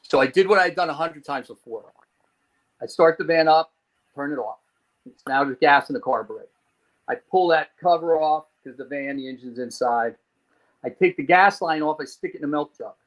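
On the high side and at normal speed, this New Jersey man's voice comes through a rough recording. As a podcast guest he spins a lengthy personal tale, animatedly playing the people in it and cursing casually.

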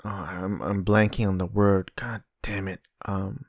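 Sardonic man rambling in a low drawl. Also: little pitch movement, unhurried, no room sound, studio quality. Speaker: podcast host. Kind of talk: casual solo monologue.

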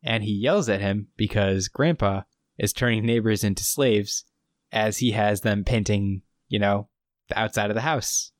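On the low side and at a moderate pace, this man's voice comes through a dry, studio-quality recording. As a podcast co-host, he casually goes over a TV episode, retelling scenes with quoted lines and frequent laughs.

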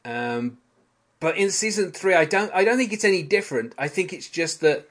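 A man's voice: sits high, lively intonation, normal speed, fairly bright tone. A man with a British accent hosting a podcast, talking through a sitcom episode in a rambling, analytical way with fillers. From Britain. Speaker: podcast host. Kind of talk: casual chat.

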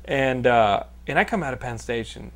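A man's voice: medium pitch, expressive, normal speed, fairly bright tone. A man in his thirties from Texas, hosting a casual podcast and telling rambling, profane stories that he laughs through. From Texas, United States. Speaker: podcast host. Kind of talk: casual podcast chat and storytelling.

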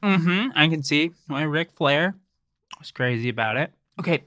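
Bright-voiced man rambling in comic banter. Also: on the high side, expressive, normal speed, dry recording, clean studio sound. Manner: rambling, full of hesitant fillers. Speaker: podcast host. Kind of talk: improvised comedy chat.

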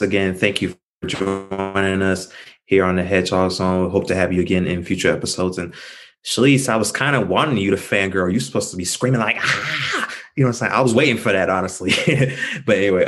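A man co-hosting a casual podcast, talking in a playful, animated way. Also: deep voice, quick pace. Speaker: podcast co-host.

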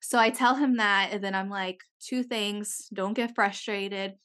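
A young woman co-hosting a podcast, telling a story in an animated way, swearing freely and acting out what people said. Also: medium pitch, unhurried. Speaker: podcast co-host. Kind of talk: casual chat.

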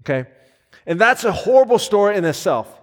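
Sing-song and fairly quick, this high-voiced pastor in his thirties preaches earnestly yet conversationally, often using fillers. He speaks in a church sanctuary, captured with long hall reverb.

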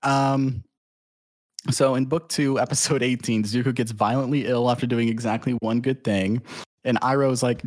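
A man in casual podcast chat, retelling a cartoon plot in a rambling, profane, animated way. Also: mid-range voice, moderate pace, no room sound, studio quality. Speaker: podcast guest.

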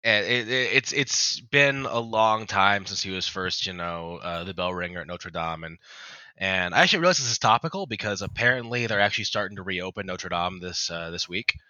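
Joke-telling man with a bright, tense voice. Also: low-pitched, animated, brisk, no echo, muffled recording. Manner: rambling storyteller with many restarts and swearing. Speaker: podcast co-host. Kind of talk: casual joke-telling chat.

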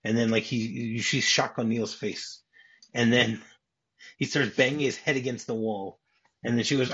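Male podcast guest, husky voice, rambling retelling, dull lo-fi audio. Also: medium pitch, steady tone, moderate pace, fairly bright tone. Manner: rambling, with frequent restarts, acting out quoted lines. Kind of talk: casual podcast chat recounting a film script.

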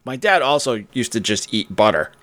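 Podcast guy telling goofy stories, really lively voice, dry close sound. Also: medium pitch, normal speed, no echo. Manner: animated comic storyteller. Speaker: podcast co-host. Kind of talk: casual chat.

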